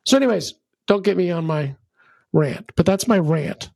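A middle-aged man, a podcast guest, giving animated conversational advice with lots of ums and a rambling, energetic way of storytelling. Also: high-pitched, normal speed, creaky, husky, no room sound, clean studio sound. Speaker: podcast guest, venture capitalist.

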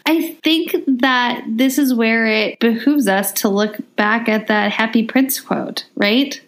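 A woman's voice: a little high, slow pace. A woman co-hosting a book podcast, giving a confident, analytical reading of the story's ending. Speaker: podcast co-host. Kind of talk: casual book discussion.

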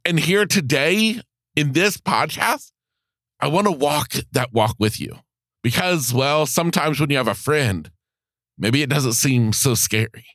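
An earnest male podcast host speaks to his listeners directly and with encouragement. His voice is bright and forward, and his pitch swings widely. The sound is dry and close, with no room around it. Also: expressive, unhurried, dry recording. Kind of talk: motivational solo podcast talk.

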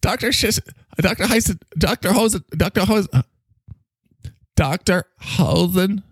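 A man voicing a cocky, needy male talking microphone that swoops in pitch and bursts into shouts. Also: a little slow, breathy edge, dry recording, clean studio sound, heavily acted. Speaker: podcast co-host character. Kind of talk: improvised comedy bit.

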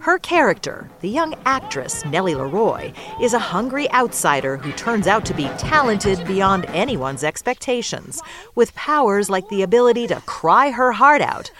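A woman correspondent reading scripted narration for a news magazine feature in a lively storytelling manner. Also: mid-range voice, moderate pace, music in the background.

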